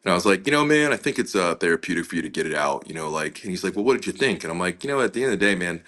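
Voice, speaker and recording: Interview guest, male, deep but bright voice, loose storyteller with lots of "you know". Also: animated, racing. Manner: casual, many fillers, acts out quoted dialogue. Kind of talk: conversational storytelling.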